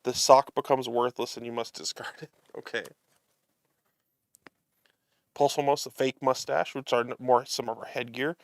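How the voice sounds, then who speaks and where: A man's voice: medium pitch, flat delivery, fairly quick, no room sound. A man hosting a live show, chatting casually as he unboxes a card game and reads the cards aloud, amused and chuckling often.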